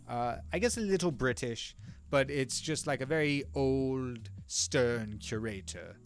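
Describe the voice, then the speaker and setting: A man's voice: mid-range voice, measured pace. Young man chatting casually while drawing. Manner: rambling, self-interrupting, chats to viewers by name. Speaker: streamer drawing with live chat. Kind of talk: casual live-stream chat.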